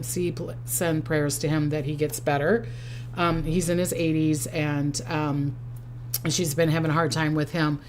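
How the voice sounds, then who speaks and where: Older woman, Minnesota accent, lowish voice, rambling and chatty as a psychic hosting a casual livestream. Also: darkish tone, slight background noise. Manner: chatty and rambling, reading out viewer comments. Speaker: psychic host.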